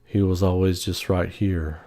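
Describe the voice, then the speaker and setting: A man from the Southern United States chatting casually on a livestream, animated and rambling, answering chat and laughing often. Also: low-pitched, unhurried. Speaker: online gaming commentator.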